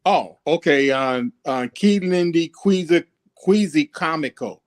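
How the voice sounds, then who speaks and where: Slow, hesitant male language student. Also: fairly high pitch, no echo, studio quality. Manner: hesitant, halting, sounds out words.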